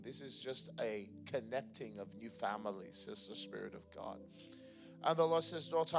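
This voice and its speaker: Man, pastor, mid-range voice, playful then fervent, prophetic, church service, music behind. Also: mid-range voice. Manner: playful, joking asides with laughter; fervent prophetic declarations, rising in force. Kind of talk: sermon with prayer and prophecy. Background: music playing.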